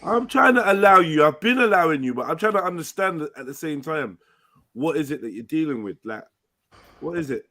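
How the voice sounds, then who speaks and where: A man's voice: fairly high pitch, expressive, brisk, pushed and bright. A man in casual chat, pressing someone hard with confrontational questions.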